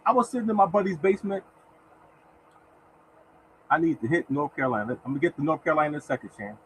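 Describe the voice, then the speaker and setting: Speaking quickly in a fairly high voice, a man runs a casual livestream of lottery picks, repetitively exhorting "y'all" and periodically thanking chat viewers by name. The recording is rough, with slight background noise.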